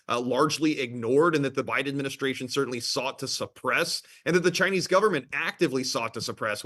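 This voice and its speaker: A man, a state attorney general, answering interview questions in a measured, formal way with some filler pauses. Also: a little high, a bit bright.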